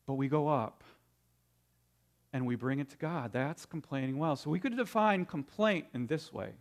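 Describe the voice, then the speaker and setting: A man's voice: on the high side, very animated, measured pace, vocal fry, pauses often. A man preaching a sermon in an earnest way, often repeating words as he builds to a point. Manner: tells a story with quoted voices. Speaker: pastor.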